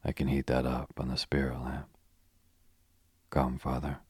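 A man reading the lines of a deep-voiced, stern older lady on a tour, in a dry, calculating manner. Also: monotone, a little slow, husky, no room sound, heavily acted. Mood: smug.

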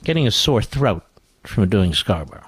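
A man's voice: on the low side, very animated, moderate pace, breathy edge, dry recording. A man hosting a talk radio show, with sarcastic, mocking commentary.

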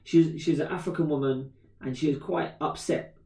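A man in his thirties, a podcast co-host, telling a story in casual chat, animated and swearing freely. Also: on the high side, fairly quick, gravelly. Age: 30s. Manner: animated, swears freely, acts out quoted voices. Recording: roomy echo, distant from mic.

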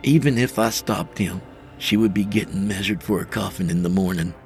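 A man narrating a first-person horror story as podcast host, measured and tense. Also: fairly low pitch, soft background music.

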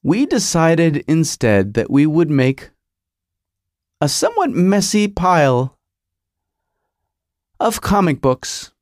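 Speaking slowly with frequent pauses, a middle-aged American podcaster reminisces in a rambling story, breaking off and restarting as he tries to remember details. His slightly high, somewhat mellow voice swings widely in pitch, and the studio-quality recording is dry.

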